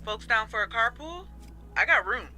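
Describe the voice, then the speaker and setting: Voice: mid-range voice, lively intonation, normal speed, pushed and bright. An actor voicing a laid-back coworker in a video game, offering drinks and a ride.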